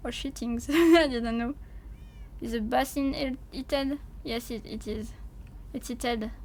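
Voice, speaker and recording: High, unhurried woman with a French accent. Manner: excitable, bursts into yelps and swearing. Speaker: streamer. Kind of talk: gameplay livestream commentary.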